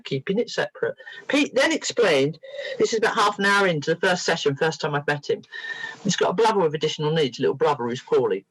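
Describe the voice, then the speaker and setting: A woman's voice: low voice, expressive, quick pace, breathy edge, dry recording, low-quality recording. A middle-aged woman, sharing therapy stories as a guest on a talk show. Her voice swoops up and down with energy as she acts out the people in her stories. The sound is close and dry, with no room around it. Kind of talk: animated storytelling.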